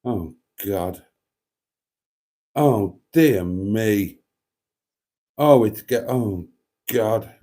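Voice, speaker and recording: A man's voice: fairly low pitch, expressive, very slow, pauses often, warm tone. A man hosting a livestream, reading viewer comments aloud with groaning asides and bits of sung song lyrics. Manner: reads chat aloud, sings snatches of songs, groans and mutters asides. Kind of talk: casual livestream chat.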